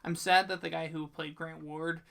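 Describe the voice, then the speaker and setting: Gravelly-voiced man in casual chat. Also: a little high, little pitch movement, normal speed, fairly bright tone. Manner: chatty, hesitant, swears casually. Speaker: podcast co-host.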